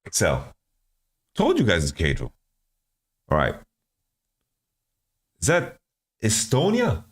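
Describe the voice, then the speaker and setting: A man's voice: lowish voice, huge pitch swings, takes it slowly, pauses often, slightly rough. A man streaming, thinking aloud as he guesses team rosters from player nationalities, often repeating words. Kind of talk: casual stream commentary.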